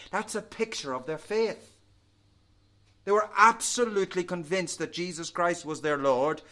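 A man preaching a sermon in an earnest, measured way, rising and falling in volume for emphasis. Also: mid-range voice, fairly bright tone.

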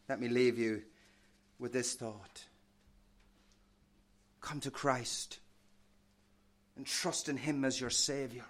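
A man with a mid-range voice preaches a passionate sermon, quoting old-fashioned scripture as his voice swells loud and then drops to a hush.

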